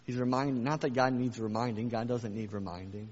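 A man's voice: mid-range voice, steady tone, brisk, a little mellow. Man preaching in an echoey hall. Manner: emphatic preaching with repeated phrases and rhetorical questions. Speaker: pastor. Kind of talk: sermon. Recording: echoey hall, dull lo-fi sound.

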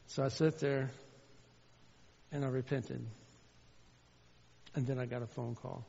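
A man preaching a sermon as a pastor, shifting from loud fervent calls to quiet personal storytelling. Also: mid-range voice, level tone, a little slow, gravelly, pauses often, breathy edge. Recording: dull sound with long hall reverb.

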